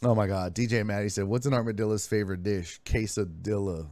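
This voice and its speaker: A man's voice: lowish voice, steady tone, fairly quick, darkish tone, no room sound. A man hosting a sports live stream, chatting casually, telling stories, reading chat messages aloud and swearing freely. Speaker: sports streaming show host.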